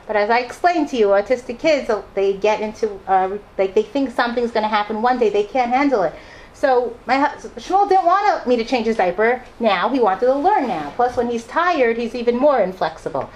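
Talking a little fast in a voice on the high side, this middle-aged woman recounts a personal experience to an audience, performing the voices of the people in her story with animation.

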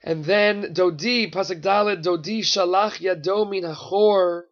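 A man with a high, bright-pitched voice leads a Torah class, explaining with animated rhetorical questions and Hebrew terms. The recording is muffled and lo-fi. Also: measured pace. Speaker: Torah teacher.

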